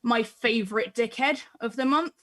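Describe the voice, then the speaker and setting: A woman with a high voice, telling a comic story with lots of giggles. She talks in an animated, sweary way. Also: moderate pace. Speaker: comedian panelist. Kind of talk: comedic storytelling on a live stream. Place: at home over a video call.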